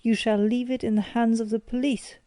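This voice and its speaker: A woman's voice: medium pitch, level tone, normal speed, dark tone, dry recording, lightly acted. A woman voicing a proud, stern older male banker who bursts out in indignant accusations. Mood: accusing.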